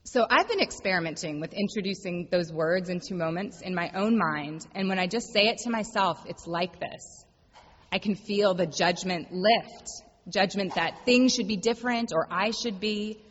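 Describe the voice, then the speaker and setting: A woman pastor delivering a reflective sermon, telling a story gently and slowing down for quiet, emphatic refrains. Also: fairly low pitch, animated, husky. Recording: dull lo-fi sound with long hall reverb.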